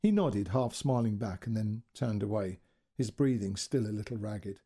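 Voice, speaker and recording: A male storyteller reading a short story with dramatic, expressive delivery. His husky, mellow voice rises and falls in a lively way. He sounds like a podcast story reading. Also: lowish voice, normal speed.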